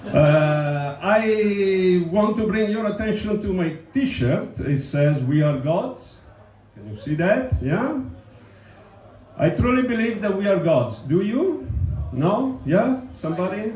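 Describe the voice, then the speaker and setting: A man from Italy doing a dry, deadpan stand-up set, asking the crowd questions. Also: sits high, slow, reverberant, rough recording. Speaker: stand-up comedian. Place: pub comedy stage.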